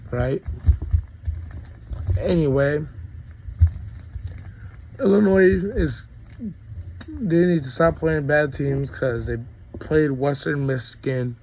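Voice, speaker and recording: A man's voice: medium pitch, takes it slowly, pauses often, a little mellow, a little hiss or hum, low-quality recording. A young man with a cold giving a rambling, opinionated college football recap, full of ums. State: sick, coughing. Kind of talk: casual sports recap monologue.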